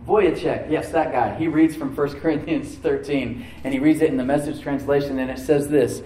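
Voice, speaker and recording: A man preaching a sermon to his congregation, easygoing and conversational, with a warm, mellow tone. He stands some way off the microphone, so his voice comes across roomy and echoey. A faint hum of room ambience sits underneath. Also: medium pitch, fairly even intonation, brisk. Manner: conversational preaching with frequent "Amen?" prompts. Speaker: pastor. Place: church room before a congregation. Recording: echoey room, mic at a distance.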